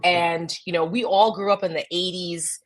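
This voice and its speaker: A woman's voice: on the low side, moderate pace. Blunt New Jersey woman co-host. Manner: animated and blunt, swears freely. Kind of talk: casual political chat.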